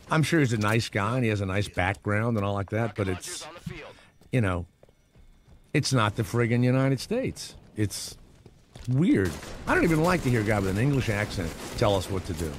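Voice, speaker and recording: A man's voice: mid-range voice, noisy background. A middle-aged man hosting a talk radio show, rambling through a sarcastic comedic monologue with mock voices.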